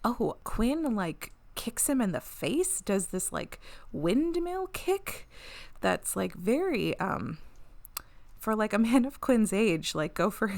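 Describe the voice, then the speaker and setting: A woman's voice: mid-range voice, sing-song, slow, creaky. A woman co-hosting a podcast, recapping an episode in a chatty way and laughing often. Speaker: podcast co-host.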